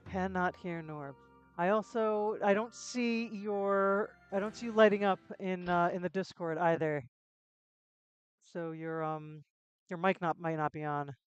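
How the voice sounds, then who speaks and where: Her voice sits on the low side, fairly even in intonation, unhurried and smooth, though the recording is muffled and faint music plays behind. Streaming a video game, this woman offers casual live commentary, chatting to viewers and rambling to herself with lots of restarts.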